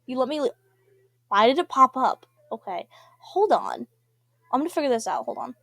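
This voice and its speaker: A woman's voice: high voice, very animated, moderate pace, creaky, fairly bright tone, no echo. A young woman playing a story game, reading its text aloud and rambling with giggly asides that trail off mid-word. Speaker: gamer.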